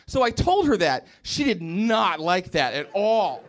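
A man's voice: sits high, sing-song, a little slow. A young man from West Virginia doing a stand-up set in a comedy club, telling wry stories and acting out what people said. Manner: wry storytelling with acted-out quotes.

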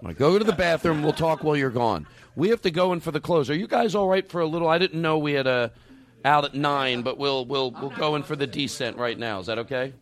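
A man's voice: fairly high pitch, fast. A man hosting a podcast in casual chat, rambling and jokey, with exaggerated complaints. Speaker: podcast host.

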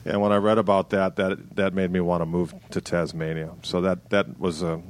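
A man's voice: sits low, little pitch movement, normal speed, a little hiss or hum. A middle-aged man from Milwaukee, a band member guest telling understated stories in casual chat. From Milwaukee, Wisconsin.

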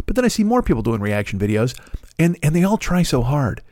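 A man's voice: on the high side, big pitch swings, brisk, a little mellow, no echo. A man hosting a podcast, ranting in a profane, exasperated and rambling comedic way. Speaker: podcast host.

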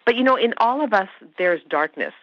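A woman's voice: medium pitch, animated, brisk, no room sound. A woman actress raised in Canada with Hungarian as her first language, chatting effusively in an interview and laughing often. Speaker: actress guest. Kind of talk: casual interview chat. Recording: dry, slightly dull podcast sound.

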